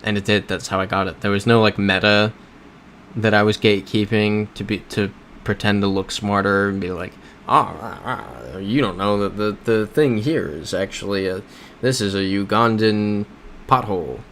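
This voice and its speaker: A man's voice: on the low side, fairly even intonation, moderate pace, a bit bright, a little hiss or hum. A man hosting a casual livestream while playing a geography game, talking in a rambling, self-correcting way and answering chat. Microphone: desk microphone.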